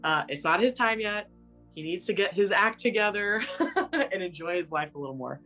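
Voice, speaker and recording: Gentle rambling woman medium. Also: mid-range voice, animated, moderate pace, soft background music. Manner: meandering, filler-heavy, gentle. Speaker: psychic medium. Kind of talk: casual spoken reading.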